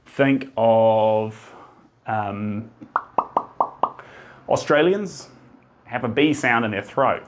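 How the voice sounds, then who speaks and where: A man in his thirties with a New Zealand accent, a painter chatting casually on a live stream, rambling and reading out viewer comments with a fairly even drawl. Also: mid-range voice, extremely slow, long pauses. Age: 30s. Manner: self-described monotone drawl.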